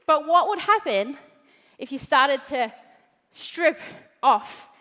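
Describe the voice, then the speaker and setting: A woman's voice: high voice, expressive, slow, pushed and bright. A woman giving a brash, swearing motivational talk on a big event stage. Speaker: motivational speaker. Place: large event hall stage. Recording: reverberant large hall.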